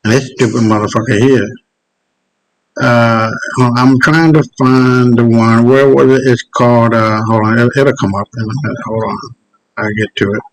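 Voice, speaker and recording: Male host ranting on his own show, heavy swearing, keeps stopping to find clips, middle-pitched. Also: little pitch movement, moderate pace, low-quality recording. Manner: profane, heated, stops often to search clips. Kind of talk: casual rant commentary.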